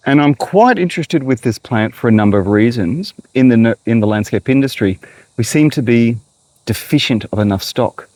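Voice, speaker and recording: Walking through a garden outside, an Australian horticulturist vlogger talks directly and chattily to his audience, a bit out of breath. His mid-range, darkish voice has lively intonation and a moderate pace, with no echo on a low-quality recording.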